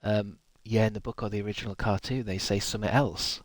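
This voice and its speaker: A man's voice: on the low side, fairly even intonation, quick pace, no echo, clean studio sound. A man chatting casually while streaming a game, swearing freely and laughing often. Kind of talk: casual gaming stream chat.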